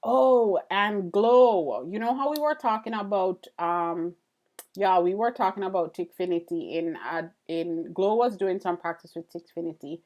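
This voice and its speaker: A woman's voice: medium pitch, unhurried, a little mellow. Chatty woman streaming while drawing. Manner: chatty, thanks viewers, many fillers and restarts. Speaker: illustrator live-streaming a drawing session. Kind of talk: casual live-stream chat with viewers.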